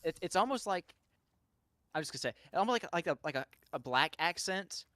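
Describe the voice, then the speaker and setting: A man's voice: fairly high pitch, animated, fairly quick, pushed and bright. A man from Louisiana with a Southern accent, talking in a casual live-stream chat and rambling through his thoughts with frequent restarts. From Louisiana, USA. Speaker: guest streamer.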